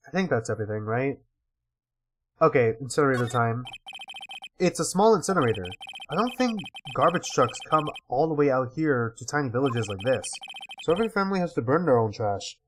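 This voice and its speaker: A man's voice: mid-range voice, lively intonation, brisk, a little hiss or hum. A man casually reading game dialogue aloud with wry asides while playing. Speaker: let's-player.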